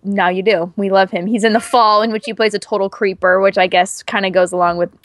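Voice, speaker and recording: A woman's voice: mid-range voice, fairly even intonation, brisk. A woman co-hosting a podcast in casual chat, gushing and chatty with lots of fillers. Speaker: podcast co-host.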